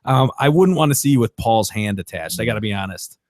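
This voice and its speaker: A man's voice: on the low side, lively intonation, quick pace, a little mellow, no echo. Joking male podcast host, dry sound. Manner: joking, laughs often, loose fillers. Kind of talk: casual podcast banter.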